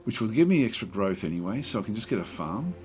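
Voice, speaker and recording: A man giving relaxed let's play commentary on a strategy game, thinking aloud with many fillers and restarts. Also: fairly low pitch, fast, faint music behind.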